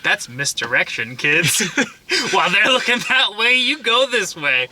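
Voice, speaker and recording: Male co-host, casual film chat, wry and profane, very bright tone. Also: sits high, sing-song, a little hiss or hum. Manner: wry, profane asides and quick jokes. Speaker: movie review co-host.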